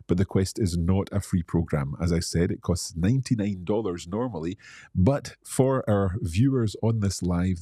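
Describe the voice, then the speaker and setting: A man's voice: deep voice, warm tone, husky, no echo, clean studio sound. A Scottish man hosting a live-stream Q&A as an English teacher, reading out viewer comments and explaining things in a friendly way.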